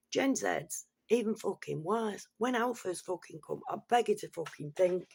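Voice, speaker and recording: A woman's voice: medium pitch, lively intonation, moderate pace, creaky, few pauses, darkish tone, slightly rough. A woman ranting bluntly and swearing freely, in an exasperated casual monologue. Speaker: commentator.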